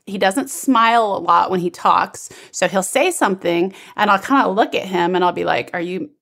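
A woman in casual conversation, candid and quick to poke fun at herself. She tells everyday stories in an animated way, acting out both sides of an exchange. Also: medium pitch, creaky. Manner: candid, self-deprecating, animated storyteller. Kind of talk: casual chat.

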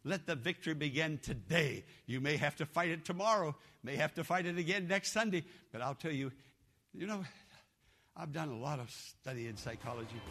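A man's voice: on the high side, fairly bright tone. A man preaching a fervent, exhorting sermon as a pastor.

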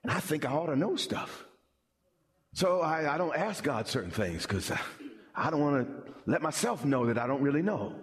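A male pastor delivering a sermon in an animated way, repeating words when he presses a point. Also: a little high, normal speed, a crowd in the background.

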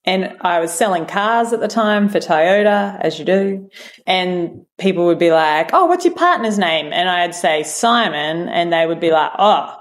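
Frank Australian woman with a low voice. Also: unhurried. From Australia, rural New South Wales. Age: 30s. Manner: frank, quotes herself and others with lots of fillers. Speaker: podcast guest. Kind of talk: candid conversational storytelling.

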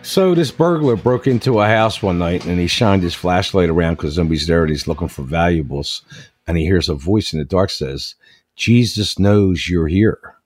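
A man's voice: low voice, lively intonation, a little fast, soft background music. A man hosting a talk radio show, chatting casually and telling jokes. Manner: joking, storytelling.

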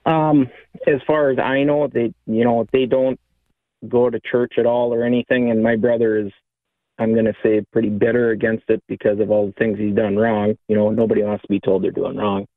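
A man calling in to a radio show, speaking hesitantly with many pauses and fillers. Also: lowish voice, little pitch movement, no room sound. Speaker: caller. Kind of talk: phone-in conversation. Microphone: telephone. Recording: tinny phone line.

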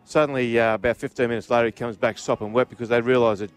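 Australian male host, middle pitch, rambling yarn-spinner who repeats words. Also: steady tone, fast. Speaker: radio host. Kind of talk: casual storytelling chat.

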